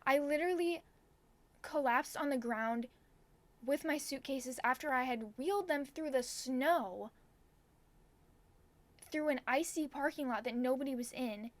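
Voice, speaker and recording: A woman's voice: sits high, a little slow, pauses often. A woman in her twenties telling a personal story to camera, chatty and full of "like". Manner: chatty, heavy use of "like". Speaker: vlogger. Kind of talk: storytime vlog.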